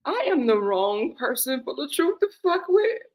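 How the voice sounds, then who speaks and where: High-voiced woman host, aave, laughing so hard she's crying, dramatic, talking to y'all. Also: sing-song, normal speed, darkish tone. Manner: laughing through tears, dramatic, addresses audience as y'all. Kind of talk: casual commentary to viewers.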